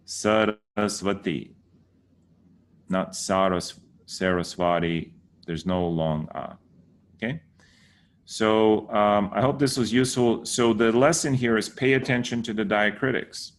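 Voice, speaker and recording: A man's voice: fairly low pitch, a little slow. A man giving a casual lesson, patiently repeating words to correct how people say them. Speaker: teacher.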